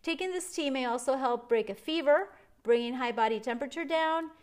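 A woman's voice: sits high, fairly quick. A woman hosting a podcast as a life coach, chatting in an encouraging way, laughing often and reading some facts aloud. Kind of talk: casual podcast monologue.

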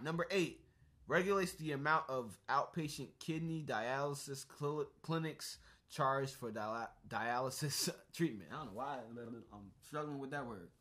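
A man's voice: mid-range voice, pushed and bright. A man co-hosting a casual chat about ballot measures, talking bluntly and emphatically with plenty of swearing.

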